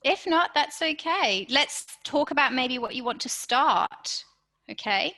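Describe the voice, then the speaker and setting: A woman's voice: sits high, expressive, measured pace, bright, forceful tone, low-quality recording. A woman presenting a live online workshop, encouraging and speaking straight to her audience, often checking in with "okay?". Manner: encouraging, addresses audience directly with frequent "okay?". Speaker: webinar presenter.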